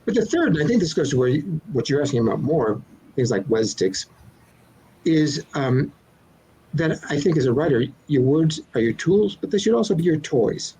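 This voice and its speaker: A man's voice: fairly high pitch, very animated, normal speed, mellow, a little hiss or hum, low-quality recording. An older man, a children's author being interviewed, explaining his craft in a thoughtful, playful way with examples. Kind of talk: relaxed interview answers.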